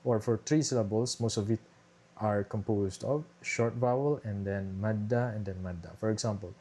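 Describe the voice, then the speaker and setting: Sharing his screen, a young man talks through his thesis research in a casual way, with frequent fillers and restarts. His fairly low voice has a dark tone and a moderate pace, and airplane noise from a nearby airport sits in the background.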